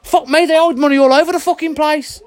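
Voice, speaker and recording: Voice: high-pitched, fairly even intonation, quick pace. A vlogger delivering an angry monologue rant, blunt and heated, swearing constantly and sweating. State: worked up and sweating.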